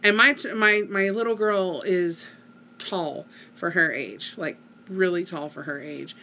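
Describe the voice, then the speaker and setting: A woman's voice: fairly low pitch, a little slow, sharp tone. A middle-aged woman, chatting casually to her viewers and rambling through a story with lots of fillers. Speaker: vlogger.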